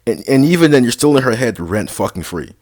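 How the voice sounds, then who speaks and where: A man's voice: medium pitch, very animated, fairly quick, darkish tone. A young man rambling casually through dating advice, slangy and sarcastic, full of basketball lingo. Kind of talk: casual vlog talk.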